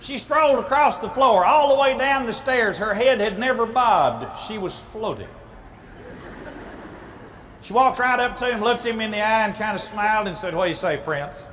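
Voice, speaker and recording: A man telling a comic story to a live crowd. He is folksy and animated and throws in sound effects. His voice sits high, and a steady noise runs under the recording. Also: moderate pace, long reverb tail. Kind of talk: humorous storytelling to a live audience.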